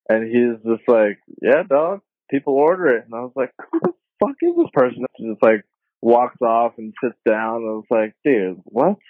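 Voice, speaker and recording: A young man telling a story casually on a podcast, slangy and swearing, jumping high when he quotes people. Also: no room sound. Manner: laid-back slangy, swears often, voices others in high tones. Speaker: podcast guest. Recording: phone-like dry sound.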